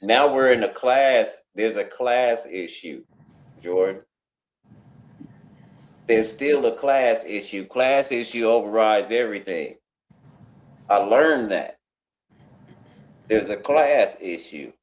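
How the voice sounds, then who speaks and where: A live talk stream guest with a fairly low voice tells a long, casual story slowly, leaving long pauses. He voices the other characters differently as he quotes them, all in an echoey room.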